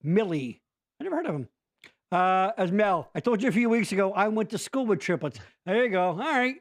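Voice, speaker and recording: Lively high-voiced joking man host. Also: fairly quick. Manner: joking, profane, animated. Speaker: podcast host. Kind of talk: casual chat.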